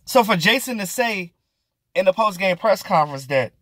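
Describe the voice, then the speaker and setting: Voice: medium pitch, expressive, moderate pace, fairly bright tone, dry recording. A sports vlogger ranting through casual, exasperated commentary, with slang and swearing, hammering points by repeating them.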